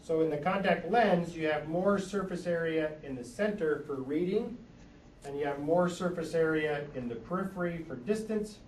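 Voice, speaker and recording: A man's voice: a little high, normal speed, darkish tone, a little hiss or hum. A man who works as an eye doctor, patiently explaining lenses and eye health with everyday comparisons. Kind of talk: explaining to an audience. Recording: echoey room, mic from far off.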